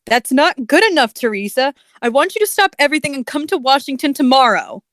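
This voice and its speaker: A woman's voice: high-pitched, animated, brisk, fairly bright tone, no echo, clean studio sound, voice pushed up. A woman voicing an obnoxious, pushy female president while imitating a male online narrator, in a live dramatic reading of a fanfic. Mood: demanding.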